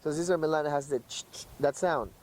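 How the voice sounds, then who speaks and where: A man in a casual podcast chat, explaining dog training in an animated way, acting out little voices and using many fillers. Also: a little high, fairly quick, slight background noise, rough recording.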